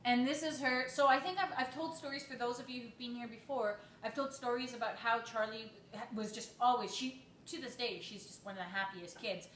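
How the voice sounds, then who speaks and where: A woman chatting casually on her channel and reading a post aloud, affectionate and quick, often restarting her sentences. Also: fairly high pitch, fairly even intonation, a bit bright, reverberant, a little hiss or hum, rough recording. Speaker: vlogger.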